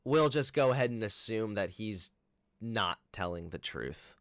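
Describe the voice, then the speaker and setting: A man's voice: on the low side, animated, a little slow, no room sound, studio quality. A young man hosting a reaction commentary, mocking and sarcastic, swearing freely. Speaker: commentary host. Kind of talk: reacting to a video.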